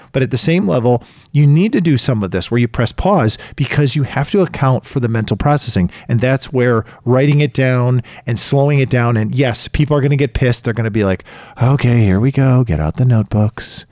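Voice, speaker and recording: A man's voice: mid-range voice, a little mellow, no room sound, clean studio sound. A middle-aged man, a coach, talking casually and emphatically, repeating key phrases and acting out quotes. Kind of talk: casual chat.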